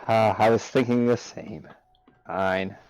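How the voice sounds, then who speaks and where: A man's voice: on the low side, steady tone, slow, darkish tone, clean tone, no echo, low-quality recording. A man playing a tabletop game who wryly describes what his character does. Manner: wry, narrates his actions. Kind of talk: in-character roleplay chat.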